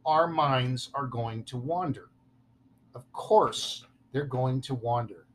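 Taking things slowly, a man with a mid-range voice runs a laid-back podcast. His humor is playful and self-mocking, and he sometimes fumbles his words.

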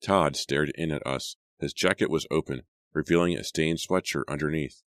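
A man narrating a teen thriller audiobook with steady, dramatic pacing. His voice sits very low, and the recording is dry and close with no room sound. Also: normal speed, no echo. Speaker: audiobook reader.

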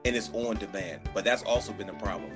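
A man in casual podcast chat, animated and emphatic, often restarting his sentences. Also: fairly low pitch, quick pace, over music. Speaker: podcast guest.

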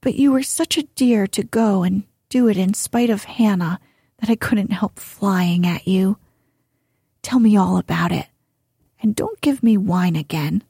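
A woman's voice: medium pitch, steady tone, a little slow, warm tone, breathy edge, no echo, studio quality. A woman voicing a spirited, earnest young woman in an audiobook. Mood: flustered.

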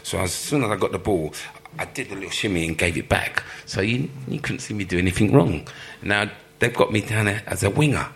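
A former footballer telling lively stories in an interview, laughing often and acting out the people he quotes. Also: lowish voice, fairly quick, gravelly, few pauses. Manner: animated storyteller, laughs often, acts out quoted voices. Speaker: former professional footballer, guest. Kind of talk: live storytelling interview.

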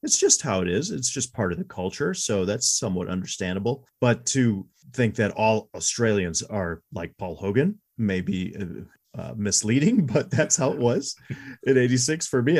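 Casual movie podcast co-host, man in his forties, a bit husky and chatty. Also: on the low side. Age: 40s. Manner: chatty, candid, laughs easily. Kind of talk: casual movie review chat.

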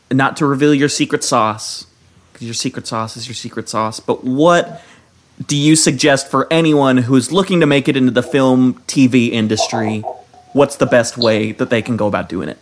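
A man's voice: medium pitch, measured pace. Easygoing male host with a mid-range voice, asking casual interview questions. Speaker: podcast host.

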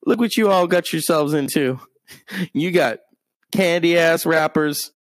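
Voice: medium pitch, unhurried, dry recording, pitched above the performer's own voice, lightly acted. A streamer putting on the voice of a laid-back male rapper who laughs at today's rappers. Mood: mocking. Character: laid-back late rapper, man, mocking.

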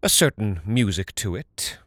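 A man's voice: lowish voice, expressive, measured pace, no echo, studio quality. A man voicing a scheming, lying male bard who rallies crowds and sneers at his lord. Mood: musing. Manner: forceful, persuasive, sneering.

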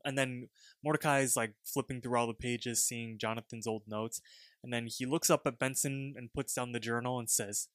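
Man, podcast co-host, chatty recap with fillers, mid pitch, dry close sound. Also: steady tone, normal speed, fairly bright tone, no room sound. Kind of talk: episode recap and casual commentary.

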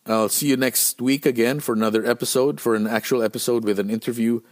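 A middle-aged man from the Philippines telling a tour story on his own show, animated and profane, acting out what people said. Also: medium pitch, fast. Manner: animated, profane, acts out quotes. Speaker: podcast host and band musician. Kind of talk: casual storytelling monologue.

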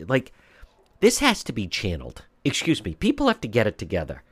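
Talk radio guy ranting, pitch all over the place, dry close mic. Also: wildly swooping pitch, fairly quick, breathy edge, no room sound. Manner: indignant, rhetorical questions, mocking mimicry. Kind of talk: opinionated talk radio monologue.

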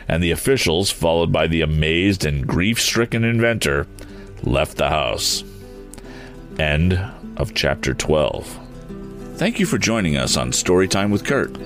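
A deep, low-pitched male narrator reading a classic adventure tale aloud, his intonation lively and expressive. Faint music plays softly underneath the narration. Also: unhurried. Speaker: podcast storyteller. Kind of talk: audiobook narration.

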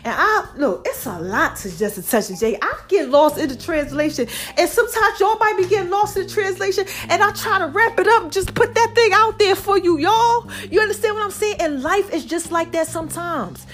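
A chatty, animated woman vlogging straight to her viewers, out of breath as she talks. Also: extremely high pitch, brisk, hardly any pauses. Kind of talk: casual talk to camera.

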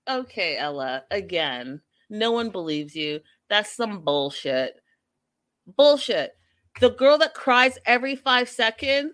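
A woman's voice: medium pitch, big pitch swings, slow pace, fairly bright tone. A young woman giving blunt, sarcastic commentary in a casual way, swearing at times.

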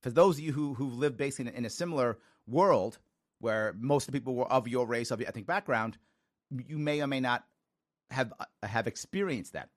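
A man in his forties from the Bronx, hosting a talk show and telling stories with lively quoted voices. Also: mid-range voice, brisk, dry recording, clean studio sound. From New York (the Bronx). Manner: animated storytelling with quoted voices.

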